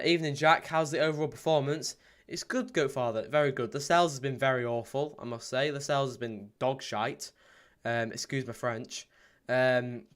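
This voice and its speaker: A man hosting a live football watchalong stream. He chats casually, reads out viewer comments with plenty of ums, and breaks into excited play-by-play. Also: mid-range voice. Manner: bursts into excited play-by-play at goals. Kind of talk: live match watchalong chat.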